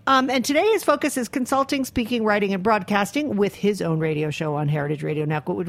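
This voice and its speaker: A woman hosting a radio interview from a studio, chatty and given to laughing, with many ums and asides. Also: medium pitch. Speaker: radio show host.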